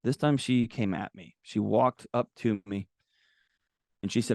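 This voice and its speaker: A man guest on an interview podcast, telling personal stories in a candid, animated conversational way. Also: fairly low pitch, measured pace, creaky, no echo, clean studio sound. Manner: candid, animated, acts out quotes. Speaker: guest author. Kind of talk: casual conversational storytelling.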